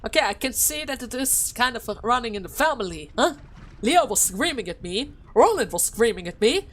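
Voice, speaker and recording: A woman's voice: fairly high pitch, very animated, brisk, a bit bright. A woman giving casual, giggly commentary while playing a video game and reading item text aloud. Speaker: let's play gamer.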